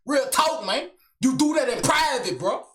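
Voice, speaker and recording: A young man doing a high-energy comedic rant to camera, slangy and swaggering, swinging between shouting and low mutters. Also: lively intonation, a little slow. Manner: slangy, keeps tagging lines with son and big brother. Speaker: comedic vlogger.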